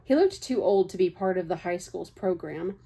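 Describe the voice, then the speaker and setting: A woman's voice: fairly low pitch, lively intonation, normal speed, dark tone, breathy edge. A young woman reading a novel aloud, chatty, breaking off for casual asides. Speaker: book reader.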